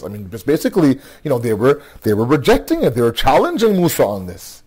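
A man's voice: mid-range voice, sing-song, fast, few pauses, a little mellow, slightly rough. A tired man telling a religious story to a nightly gathering, conversational, checking in with "okay?" and often restarting phrases. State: tired, yawning. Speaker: religious speaker.

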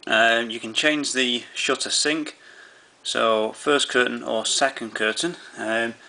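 A male camera tutorial presenter explains menu settings step by step in an easygoing way, full of fillers and restarts. His medium-pitched voice is steady and sharp with vocal fry, and he takes it slowly.

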